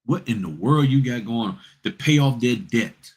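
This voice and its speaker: A man's voice: mid-range voice, animated, moderate pace, a little mellow, slightly rough. A man hosting a notary business vlog, giving blunt, straight-talking advice and repeating points for emphasis.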